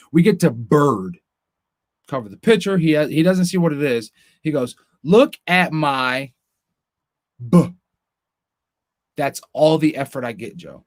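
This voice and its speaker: A man's voice: on the high side, no room sound, clean studio sound. A young man hosting a podcast, telling a long story as a profane, ranting storyteller in casual chat. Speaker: podcast host.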